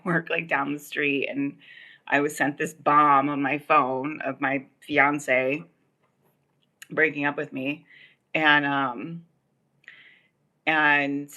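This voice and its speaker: Bright-voiced woman livestreaming, rambly storytime, lots of likes and ums. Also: low-pitched. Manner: rambling, filler-heavy, many "like" and "um". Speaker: livestream host. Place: Los Angeles area.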